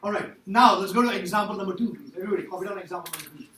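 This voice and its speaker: A man lectures a math class in a high, bright voice, pressing his points again and again and firing questions at the students. He is recorded from a distance in an echoey classroom with a faint hiss. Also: very fast. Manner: emphatic, repeats himself, quizzes students. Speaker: math teacher.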